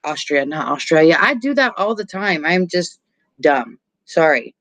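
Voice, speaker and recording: A woman's voice: low-pitched, animated, measured pace, a bit bright. A woman co-hosting a casual podcast, chatting loosely, laughing often, swearing freely and poking fun at herself. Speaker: podcast co-host. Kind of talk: casual chat.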